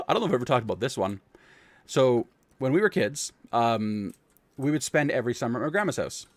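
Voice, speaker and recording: A man's voice: medium pitch, animated, normal speed, pauses often, dry recording. Rambling young man, dry sound. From Canada. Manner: rambling, profane, self-correcting anecdotes. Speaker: streamer. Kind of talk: casual storytelling on a live stream.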